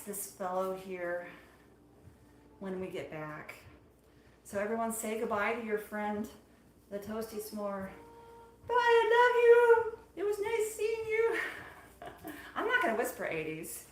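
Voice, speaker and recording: A woman's voice: medium pitch, slight background noise. A woman hosts a casual live stream from a small studio kitchen, talking straight to her viewers. Her manner is chatty and playful, and she laughs easily. The room has a noticeable echo. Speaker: marshmallow maker hosting a live stream. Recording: echoey room.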